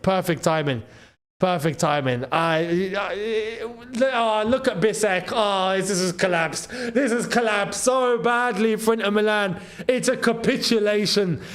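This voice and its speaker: Excitable high-voiced man commentating live. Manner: excitable, shouts at big chances and goals. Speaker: football channel host. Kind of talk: live match watchalong commentary.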